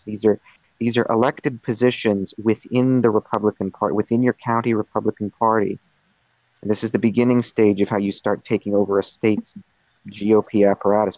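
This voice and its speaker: A man in a voice chat, explaining political organizing in a measured way. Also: fairly low pitch, darkish tone, no room sound, highs cut off.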